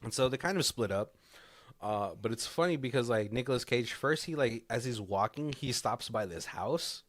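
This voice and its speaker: A man's voice: medium pitch, expressive, moderate pace, no room sound. A man co-hosting a casual podcast, retelling a film in a loose, rambling way and acting out the characters' lines as he goes. His voice sits in a middle range and is recorded dry and close, with no room sound around it. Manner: rambling storyteller who acts out quoted lines and laughs often. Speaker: podcast co-host. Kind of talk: casual movie recap chat.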